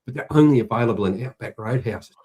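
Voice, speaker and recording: An Australian man in his sixties telling a jokey yarn in casual chat, animated when he quotes others. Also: mid-range voice, quick pace, breathy edge. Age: 60s. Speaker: co-host.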